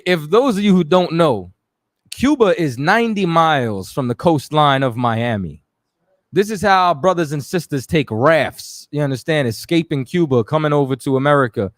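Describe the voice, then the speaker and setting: A man runs a live radio stream in a loose, chatty way, calling out names from the audience. His voice sits a bit high for a man. The sound is close and dry, with no room around it. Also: expressive, moderate pace, no echo. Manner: loose and conversational, shouting out viewers. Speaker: radio show host. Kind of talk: casual live-stream talk.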